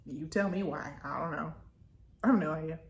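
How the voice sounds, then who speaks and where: A book reviewer chats casually about a book she's reading, rambling along with plenty of asides and fillers. Her voice sits low, a little fast and gravelly. The recording has a roomy echo with slight background noise.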